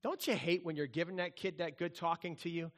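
A middle-aged man preaching a sermon as a pastor, conversational and animated, often acting out quoted voices. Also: on the high side, a little fast.

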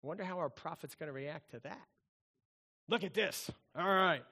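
Middle-aged guy preaching, playful and animated, highish voice. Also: moderate pace, slightly rough. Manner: animated, playful storytelling with sung bits. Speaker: pastor. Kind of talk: sermon.

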